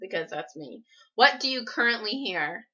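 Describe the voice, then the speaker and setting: A young woman chats through viewer questions in a loose, laughing vlog style. Her voice is bright and forward. The sound is a little muffled and lo-fi, picked up by a laptop mic at home. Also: medium pitch, lively intonation, normal speed, slightly rough. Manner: chatty, laughs often, frequent "like" and "um". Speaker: YouTuber answering viewer questions. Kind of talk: casual storytelling and Q&A.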